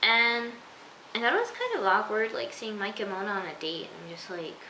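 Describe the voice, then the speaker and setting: A woman chatting through an episode review, acting out her own reactions and sometimes dropping into a soft near-whisper. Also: mid-range voice, big pitch swings, normal speed, noisy background. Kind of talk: casual episode review vlog. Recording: echoey room.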